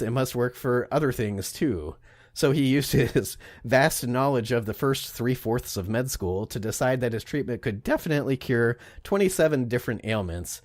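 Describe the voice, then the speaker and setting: A man's voice: mid-range voice, darkish tone, no room sound, clean studio sound. Laughing, profane man on a podcast. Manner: profane, jokey, laughs often. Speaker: podcast co-host. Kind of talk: casual comedic history chat.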